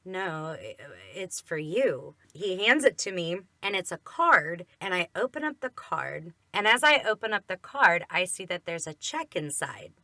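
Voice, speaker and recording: Bright-voiced woman telling a faith story. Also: fairly low pitch, no room sound. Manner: earnest, emphatic storytelling. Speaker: podcast co-host.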